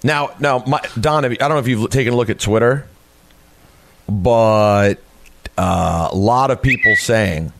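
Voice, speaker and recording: A man's voice: mid-range voice, measured pace, gravelly, a bit bright, slight background noise. A man co-hosting a sports talk radio show, needling a colleague by reading out tweets. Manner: teasing, needling. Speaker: radio co-host. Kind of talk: casual radio banter. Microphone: studio microphone.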